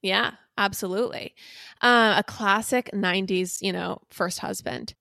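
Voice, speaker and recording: In a dry, studio-quality recording, a young female podcast co-host with a mid-range, gravelly, bright voice spins a gossipy tale at a measured pace. Her tone is forceful as she chats casually, teasing playfully and leaning into theatrical emphasis.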